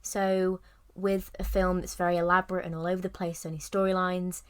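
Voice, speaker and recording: A woman's voice: lowish voice, level tone, fairly quick, clean tone. A young woman co-hosting a podcast, chatting casually about a film with lots of "like" and "kind of" and frequent giggles. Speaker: podcast co-host. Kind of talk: casual film review chat.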